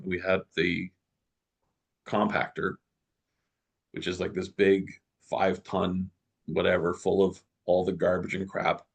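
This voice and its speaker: Gravelly, husky middle-aged man. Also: low voice. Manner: animated storyteller, many restarts. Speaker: guest. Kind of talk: casual storytelling in an interview.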